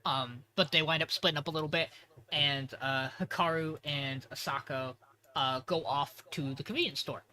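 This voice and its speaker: A man co-hosting a podcast recaps an episode in loose, rambling fashion. He swears freely and often backtracks to fix details. His voice has a bright, sharp edge. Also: a little high. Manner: rambling, profane, self-correcting. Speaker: podcast co-host.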